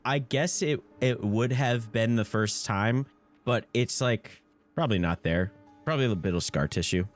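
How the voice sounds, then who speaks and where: A man's voice: medium pitch, normal speed, faint music behind. A man playing a tabletop role-playing game, chatting casually and playfully in and out of character. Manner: playful, laughs often.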